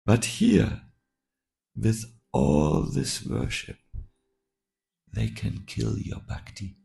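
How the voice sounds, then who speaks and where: A man, a monk, telling a story while teaching a scripture class, halting with many fillers and restarts. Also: fairly low pitch, big pitch swings, vocal fry, dark tone.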